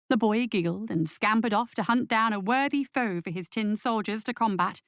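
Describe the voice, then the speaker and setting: A woman's voice: a little high, normal speed, hardly any pauses, dry recording, studio quality. Woman narrating a story. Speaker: audiobook narrator.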